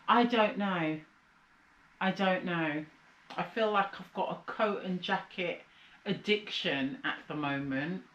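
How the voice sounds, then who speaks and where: A woman's voice: medium pitch, lively intonation, unhurried, fairly bright tone, roomy sound, dull audio. A woman from the UK chatting casually through a haul vlog, sounding tired and rambling, with a slight cold coming on. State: slight cold, sucking a lozenge. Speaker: vlogger. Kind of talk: casual chat.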